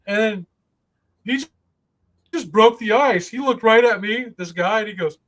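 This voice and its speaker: High pitched dude on a podcast, swearing a lot, laughing through his story. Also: normal speed. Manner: animated, profane, laughing storyteller who acts out quotes. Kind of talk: casual storytelling chat.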